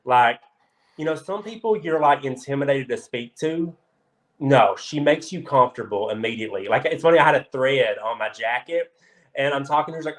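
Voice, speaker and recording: A man from Kentucky, a guest on a casual talk show, telling stories in an excitable, animated way. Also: mid-range voice, a little fast, low-quality recording. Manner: excitable, animated storyteller with frequent filler "like". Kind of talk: casual chat, storytelling.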